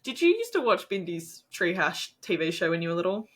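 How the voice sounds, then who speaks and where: Lively giggly young Australian woman. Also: on the low side, brisk. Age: young adult. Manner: giggly and gushing. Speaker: podcast co-host. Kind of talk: casual chat.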